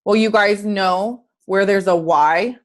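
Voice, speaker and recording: A woman's voice: mid-range voice, slow. A woman fitness coach giving an earnest, chatty motivational talk on a group video call, asking her listeners questions.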